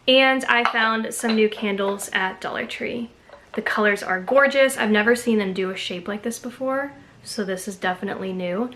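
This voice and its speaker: A woman's voice: mid-range voice, moderate pace, bright, forceful tone. A woman from Texas chatting casually to camera as a haul vlogger, gushing enthusiastically over each find.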